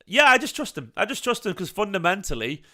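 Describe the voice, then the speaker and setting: A man's voice: sits high, very animated, fast, sharp tone. A man hosting a fan channel, chatting casually and opinionatedly about football transfers, rambling with fillers and restarts. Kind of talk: casual livestream football chat.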